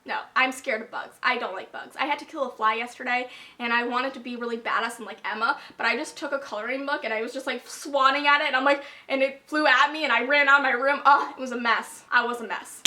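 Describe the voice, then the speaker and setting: A young woman reviewing a book in a casual vlog, gushing and excitable, with lots of fillers and laughter. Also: high-pitched, a little fast. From United States.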